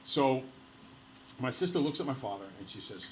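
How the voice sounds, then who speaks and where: A male teacher telling a personal story to his class in a lively, laughing way, speaking to the students directly. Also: mid-range voice, moderate pace, echoey room, slight background noise, rough recording.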